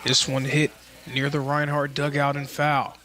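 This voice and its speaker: A male play-by-play announcer calling a college baseball game. His voice sits a little high for a man and has a bright, forceful edge. He keeps a steady, informative delivery between pitches. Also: unhurried. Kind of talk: live baseball commentary.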